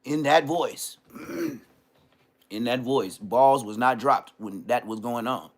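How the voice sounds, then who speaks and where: A man from Southern California hosting a livestream, ranting in a casual, comedic way with stammered restarts and frequent throat clearing. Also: medium pitch, a little slow. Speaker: livestream host.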